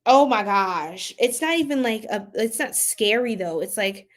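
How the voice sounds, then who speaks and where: A woman in a mid-range voice reads tarot for her viewers in loose, slangy chat. She laughs often, repeats her phrases, and swings between loud bursts and quiet asides as she talks from an indoor room. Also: animated, moderate pace, hardly any pauses. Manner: playful, laughing often, swinging pitch and loudness. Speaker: tarot reader. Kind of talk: casual tarot reading livestream.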